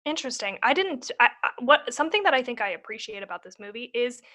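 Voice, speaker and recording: A woman's voice: a little high, animated, quick pace, sharp tone. A woman co-hosting a podcast, chatting casually about a film with a lot of "like.". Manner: casual, filler-heavy talk with lots of "like". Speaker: podcast co-host. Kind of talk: casual chat reviewing a film.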